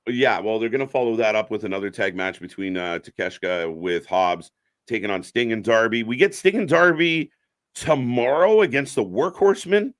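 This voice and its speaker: A man's voice: lowish voice, normal speed, no echo, studio quality. A man from Canada co-hosting a wrestling live stream, chatting casually, greeting viewers by name and laughing often.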